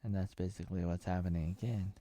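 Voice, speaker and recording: Thirties man from Oregon, low voice, rambling fan-review recap, dry close sound. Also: fairly even intonation, fast talker, mellow, no room sound. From Oregon, USA. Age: 30s. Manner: meandering, heavy on filler words and jokey asides. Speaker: TV episode reviewer.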